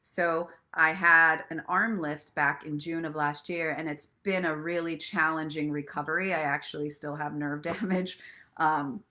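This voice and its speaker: A woman's voice: low voice, fairly even intonation, measured pace, bright, forceful tone. Emotional woman hosting a live reading. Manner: chatty, emotional, laughs often. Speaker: self-love coach hosting a live reading. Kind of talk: casual live-stream chat and book reading. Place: at home in Los Angeles.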